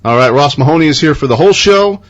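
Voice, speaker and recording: A man's voice: a little high, expressive, fast, dull audio. A man hosting a radio talk show, casual and egging his guests on. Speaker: radio host.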